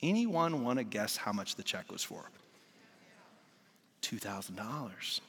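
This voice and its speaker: Brief: forties male preacher, bright forceful tone, dramatic story-driven delivery in a big reverberant church. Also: fairly low pitch, sing-song, unhurried, breathy edge. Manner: passionate storytelling, swings from loud to hushed. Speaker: guest preacher. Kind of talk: sermon.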